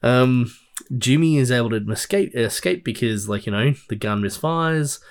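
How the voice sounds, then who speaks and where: A man's voice: medium pitch, lively intonation, moderate pace, smooth. A man co-hosting a podcast, recapping a film in rambling casual chat full of fillers and restarts. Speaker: podcast co-host.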